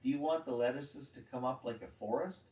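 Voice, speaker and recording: A cheerful schoolboy gardener, proud of his work and quick to scold a helper, read by a man. The storybook voice comes from a little distance in an echoey room. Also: mid-range voice, warm tone, lightly acted. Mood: chiding. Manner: friendly, a little bossy. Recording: roomy, distant mic.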